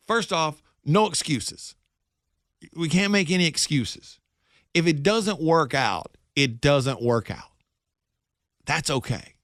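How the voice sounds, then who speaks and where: A middle-aged man, a radio host, telling a personal story in a casual, animated monologue with self-mocking jokes. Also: fairly high pitch, slow, long pauses, dry recording, studio quality.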